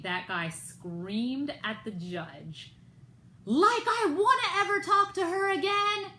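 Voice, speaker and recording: A woman's voice: on the low side, slight background noise. American woman telling a story, echoey room. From United States. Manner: indignant retelling, quoting others in raised voices. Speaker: vlogger. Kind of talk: storytime vlog.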